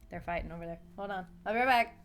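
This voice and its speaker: A woman's voice: fairly low pitch, racing, noisy background. A woman streaming a game from home, chatting playfully, laughing often and cooing at her cat. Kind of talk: casual livestream gameplay chat.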